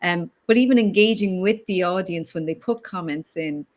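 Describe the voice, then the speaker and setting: A woman co-hosting a live online chat, talking in a relaxed, affirming way. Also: on the low side, normal speed. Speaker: co-host. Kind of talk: casual chat.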